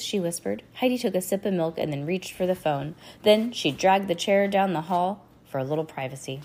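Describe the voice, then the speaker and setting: A woman's voice: mid-range voice, lively intonation, normal speed, creaky, few pauses, darkish tone, slightly rough. A woman who is a little sick reading a children's chapter book aloud and chatting about the story between passages. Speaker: reader.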